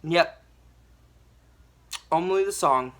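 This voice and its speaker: A young woman giving a ranting movie review, animated and exasperated, with mild swearing. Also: on the low side, drawn-out words.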